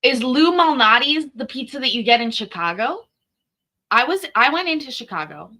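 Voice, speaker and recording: A woman's voice: high voice, big pitch swings, moderate pace, bright, forceful tone. A woman born in Scotland, hosting a casual stream and rambling through answers to viewer comments with lots of fillers. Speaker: streamer host.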